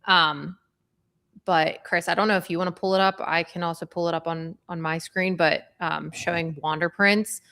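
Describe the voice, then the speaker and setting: A woman's voice: on the low side, steady tone, moderate pace, bright, forceful tone. A young woman co-hosting a livestream, talking conversationally with frequent fillers. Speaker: livestream co-host. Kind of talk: casual livestream chat.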